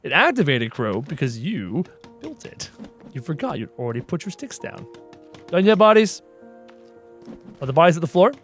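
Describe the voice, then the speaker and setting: A man's voice: fairly high pitch, very animated, normal speed, pauses often, a bit bright, soft background music. A man giving casual, playful let's-play commentary, chatty and full of puns, laughing at his own jokes. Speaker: gaming video host.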